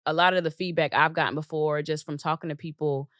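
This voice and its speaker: A woman's voice: deep voice, fairly even intonation, fast talker, a bit bright, no room sound, clean studio sound. A woman hosting a podcast in casual interview chat, blunt and playful. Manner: blunt, playful, laughs often. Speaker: podcast host.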